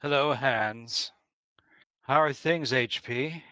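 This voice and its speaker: A man's voice: mid-range voice, takes it slowly, pushed and bright, smooth, dry recording. A man playing a tabletop game, speaking in character with wry, playful politeness. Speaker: player. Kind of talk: in-character tabletop role-play.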